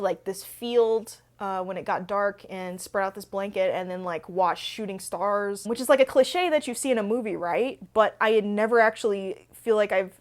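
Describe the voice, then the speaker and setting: A young woman hosting a book channel has a mid-range voice with a darkish tone. In casual Q&A storytelling, she talks in a chatty, rambling way full of fillers.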